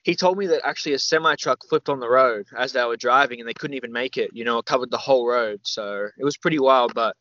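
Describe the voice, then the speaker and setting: A young Australian man telling a long story as a podcast guest, rambling and animated, full of fillers and the odd swear word. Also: mid-range voice, fast, few pauses, no echo, muffled recording. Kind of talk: casual storytelling interview.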